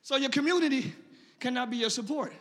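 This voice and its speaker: A male pastor preaching a sermon in a church, impassioned, swinging from quiet sarcasm to shouting. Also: very high voice, fast talker, in a large hall. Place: church sanctuary.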